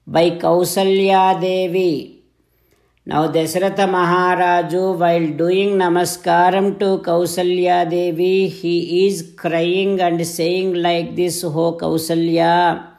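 A temple priest tells a scripture story to devotees in a devout, explanatory way. His voice has a gravelly edge. He speaks at a slow, measured pace. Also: high voice.

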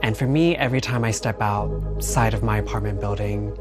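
A person speaking in an interview in a measured, reflective way. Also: mid-range voice. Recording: music bed underneath.

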